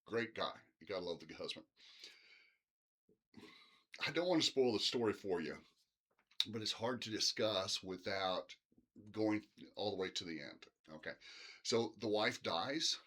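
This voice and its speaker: A man's voice: lowish voice, animated, unhurried, long pauses, sharp tone. Casual, rambling male literature teacher. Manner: casual, rambling, many fillers. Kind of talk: informal recorded lecture.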